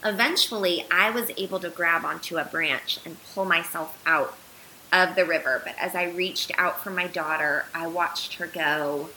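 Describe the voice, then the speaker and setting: A woman in her thirties tells a heartfelt personal story as a podcast guest, with an animated, earnest delivery full of "um"s and "like"s. Her voice is bright and forward, and a faint hiss sits under the recording. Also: fairly low pitch, normal speed, rough recording. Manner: earnest, animated retelling with filler words.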